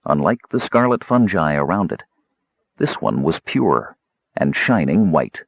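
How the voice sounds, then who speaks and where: A man reading an audiobook story in a measured, dramatic way. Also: low voice, very animated, vocal fry, breathy edge, no room sound, lo-fi sound. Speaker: narrator. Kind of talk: scripted audiobook narration.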